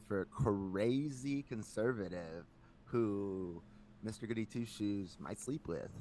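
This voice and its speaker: A man hosting a casual podcast, ranting in an animated way with lots of filler words. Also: fairly low pitch, a little hiss or hum. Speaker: podcast host.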